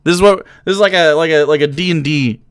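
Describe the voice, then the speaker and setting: A man's voice: a little high, fast talker, smooth, no echo. A young man giving sarcastic, profane live-stream commentary, mocking what he reads on a close desk mic.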